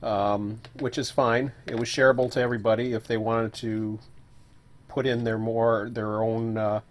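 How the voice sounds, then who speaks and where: A man's voice: mid-range voice, little pitch movement, normal speed. A man casually talking through a solo live stream, thinking aloud with fillers and self-corrections, sometimes while eating.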